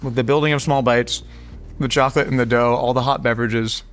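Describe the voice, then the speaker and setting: A man hosting a casual meal chat, joking in a dry, deadpan way. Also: mid-range voice, fairly quick, soft background music. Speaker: host.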